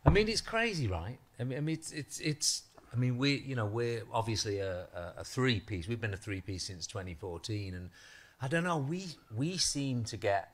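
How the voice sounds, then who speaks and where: A man hosting a casual interview, speaking haltingly with many restarts. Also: medium pitch, expressive. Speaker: host. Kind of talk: casual chat.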